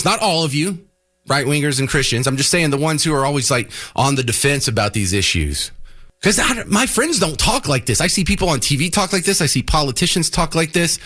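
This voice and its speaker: A man hosting a talk radio show, arguing his views in an emphatic, combative way. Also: fairly bright tone. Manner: combative, emphatic, swings pitch up to punch points. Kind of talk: opinionated talk radio monologue.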